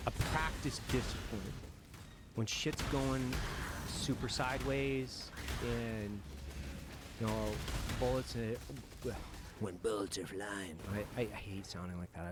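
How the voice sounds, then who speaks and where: A military veteran telling war stories in an interview, frank and profane, reflective at times and breaking into nervous laughter. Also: male voice, on the low side, heavy background noise. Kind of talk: candid war storytelling in a podcast interview.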